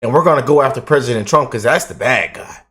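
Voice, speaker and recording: A man hosting his own channel, ranting in animated, repetitive, emphatic political commentary. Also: mid-range voice, fast.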